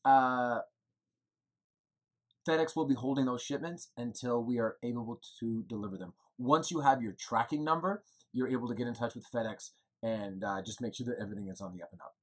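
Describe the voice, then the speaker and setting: Talking a little fast in a mid-range voice, this thirtysomething winery co-owner records an evening video update from home. It's chatty and meandering, peppered with fillers and jokes at his own expense.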